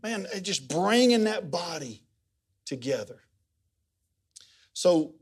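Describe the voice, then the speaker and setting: A man's voice: takes it slowly, long pauses, husky. A middle-aged man, preaching a sermon as a pastor in a folksy, conversational storytelling way. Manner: folksy, conversational storytelling with lively pitch swings.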